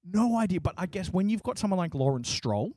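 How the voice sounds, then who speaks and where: A man co-hosting a casual motorsport podcast, animated, laughing often and swearing freely. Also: sits high, brisk, dry recording, clean studio sound. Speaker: podcast co-host. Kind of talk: casual sports chat.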